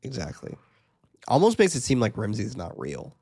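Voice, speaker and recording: A man's voice: fairly low pitch, wildly swooping pitch, moderate pace, warm tone, husky, no echo, studio quality. A man co-hosting a casual podcast, recapping a film's plot and joking about it with a friend. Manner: laid-back, laughs at his own asides, reads plot summary aloud. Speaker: podcast co-host recapping a film.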